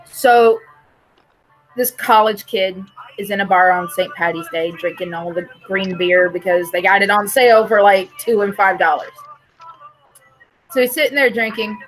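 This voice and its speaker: A woman's voice: medium pitch, normal speed, faint music behind, rough recording. A woman hosting a casual podcast, telling a crude joke in a playful manner. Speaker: host.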